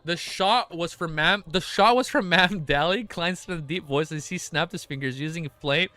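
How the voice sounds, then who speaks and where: A young man reads a web novel aloud on a live stream, pitched slightly high for a man. He keeps breaking off to react with swearing, laughter and shouts. The sound is dry and close, with no room around it. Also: no echo.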